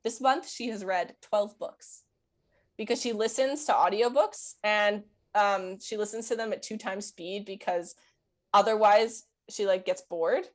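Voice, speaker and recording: A woman guest on a podcast, talking casually with quick asides and bursts of laughter. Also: mid-range voice. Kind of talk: casual chat.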